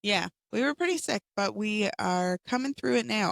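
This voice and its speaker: A woman co-hosting a podcast, her voice raspy and hoarse from a cold. She talks through storylines in easy, chatty recaps. The sound is dry and close, with no room around her. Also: medium pitch, lively intonation, normal speed, hardly any pauses, a bit bright, no room sound. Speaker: podcast co-host. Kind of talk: casual chat.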